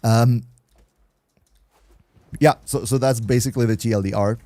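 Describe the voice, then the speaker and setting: Mellow-voiced German-accented male streamer. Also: medium pitch, steady tone, normal speed, dry recording. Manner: chatty, answers viewer questions aloud. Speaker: livestream host. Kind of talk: casual livestream chat.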